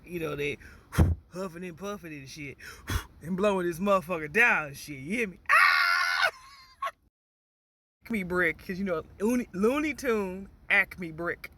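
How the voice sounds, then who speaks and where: A vlogger from Battle Creek, Michigan, talks at a normal speed in a high-sitting voice, recorded from a moving car with a noisy background. His casual monologue rambles with puns and jokes, bursts of laughter, and a repeated "you hear me?"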